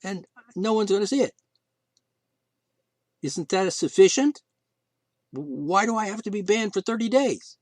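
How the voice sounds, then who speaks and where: A man's voice: high-pitched, lively intonation, unhurried, long pauses, a little mellow, no room sound. A man hosting his own show, ranting in an indignant, sarcastic monologue full of restarts and asides. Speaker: podcast host.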